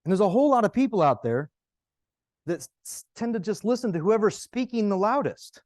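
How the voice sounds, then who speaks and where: A man giving a conference talk, telling stories in a conversational, animated way and checking in with the audience with "right?" and "okay?". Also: high voice, brisk, no echo, studio quality. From United States. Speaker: conference presenter.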